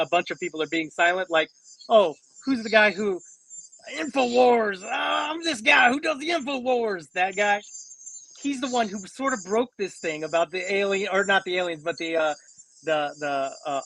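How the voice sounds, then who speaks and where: A man's voice: on the high side, sharp tone, slight background noise, poor audio. A man co-hosting a casual podcast, rambling with many restarts and fillers. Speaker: co-host.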